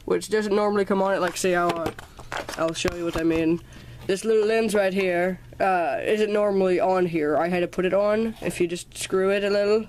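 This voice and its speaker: A woman's voice: medium pitch, slight background noise. A teenage girl vlogging at home about her birthday presents, chatty and rambling, a little sick and slightly out of breath, recorded on a camera's built-in mic in her bedroom. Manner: rambling, chatty, points at items one by one. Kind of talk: casual birthday haul vlog.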